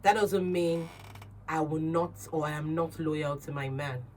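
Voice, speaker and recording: A woman's voice: sits low, measured pace, recorded from a distance, a little hiss or hum. A woman with a Nigerian accent hosting a radio talk show, speaking assertively and acting out quoted conversations. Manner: assertive, animated, acts out quoted dialogue. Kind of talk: casual radio chat.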